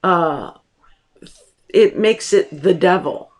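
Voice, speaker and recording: A woman teacher giving a lecture on a book, explaining slowly and deliberately with pauses, recorded at home. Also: lowish voice.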